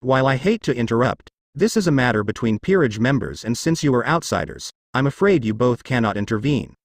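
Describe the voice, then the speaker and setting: Man reading a fan story, lively pitch. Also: fairly quick, dry recording, studio quality. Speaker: fanfiction reader.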